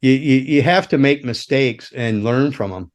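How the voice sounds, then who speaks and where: A man, a former roadie and guitar tech, telling a story on a podcast in a lively, profane way and acting out the scenes. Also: medium pitch, moderate pace. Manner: animated, profane storyteller who acts out scenes.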